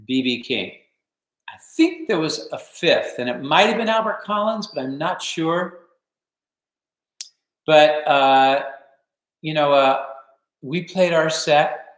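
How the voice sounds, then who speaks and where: An older man hosting a home live stream, telling stories and answering viewer questions in a relaxed, rambling way full of fillers. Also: a little high, echoey room, poor audio. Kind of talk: casual storytelling and viewer Q&A.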